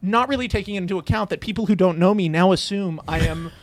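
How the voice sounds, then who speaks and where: Man, high voice, animated self-mocking storyteller, dry close sound. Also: fast, dry recording. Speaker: guest screenwriter. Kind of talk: casual podcast chat, telling a story.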